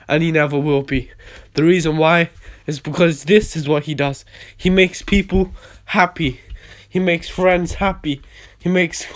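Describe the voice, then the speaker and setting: A man delivering a ranting monologue to camera, emphatic and repetitive, swinging between quiet and loud. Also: high-pitched. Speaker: video blogger.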